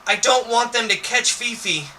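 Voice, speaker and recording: A high, shrill kid who pleads and shrieks in frantic bursts, as a man puts him on while reading a storybook aloud. The voice is bright and edgy. It sits a little back from the mic, with faint noise underneath. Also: lively intonation, moderate pace, far from the mic, full character voice, poor audio. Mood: panicked.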